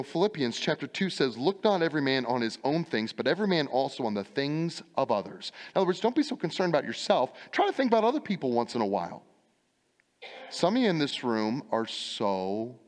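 A male pastor preaching a sermon, firing rhetorical questions and repeating his refrains with emphasis. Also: medium pitch. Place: church sanctuary. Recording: long church reverb.

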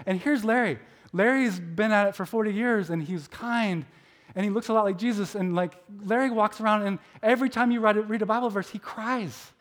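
A middle-aged man preaching in a casual, conversational way, self-deprecating and full of filler likes, telling stories with animated asides. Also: high voice, fairly quick. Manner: animated storytelling with acted inner voices. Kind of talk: conversational sermon.

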